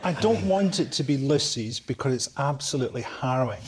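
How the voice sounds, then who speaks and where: A man's voice: medium pitch, expressive, a little fast. A man on a comedy panel show, challenging a story with incredulous questions. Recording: noisy studio.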